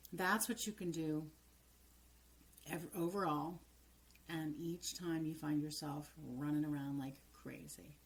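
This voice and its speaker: In a coaching video monologue, a middle-aged transformational coach calmly walks through guidance step by step. Her voice sits low, and when she voices affirmations she drops to soft near-whispers.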